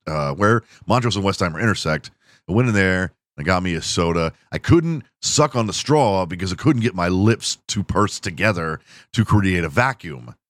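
A man's voice: low voice, a bit bright, no room sound. A man hosting a podcast, telling crude, self-mocking stories in a casual monologue. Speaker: podcast host.

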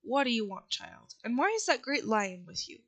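A cautious country housewife questions strangers at her door, as a woman reads her lines. Her voice is fairly high. She sounds wary but kind. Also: big pitch swings, moderate pace, fairly bright tone, dry recording, full character voice. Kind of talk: audiobook reading.

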